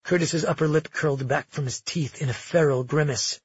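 A man narrating a fantasy audiobook in a steady, measured way. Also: fairly high pitch, breathy edge, no echo, muffled recording.

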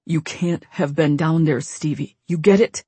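A woman voicing a frantic young man, pleading urgently in a husky voice. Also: deep voice, unhurried, mellow, no room sound.

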